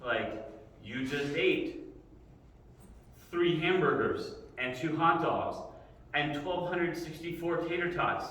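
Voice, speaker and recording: A man's voice: on the high side, animated, slow, pauses often, fairly bright tone, slight background noise. A middle-aged man teaching a casual Bible lesson in a conversational way, often asking "right?" as he talks. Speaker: Sunday school teacher. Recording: echoey hall, mic far off.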